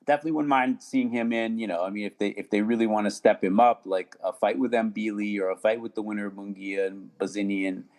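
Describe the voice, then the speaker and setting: Low gravelly guy, laid-back podcast guest, lots of ums and you-knows. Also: fast, few pauses. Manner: relaxed, many fillers and repeats. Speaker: podcast guest, sports attorney. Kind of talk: casual podcast chat.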